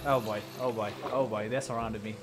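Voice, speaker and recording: A young man giving casual let's-play commentary, mumbling asides and bursting into loud yelps and cheers. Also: fairly low pitch, fairly even intonation, brisk, music in the background. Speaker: gaming commentator.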